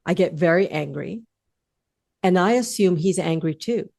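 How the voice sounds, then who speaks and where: Female podcast host, low gravelly voice, blunt and playful, dry close mic. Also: expressive, normal speed, darkish tone, no echo. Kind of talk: casual interview chat.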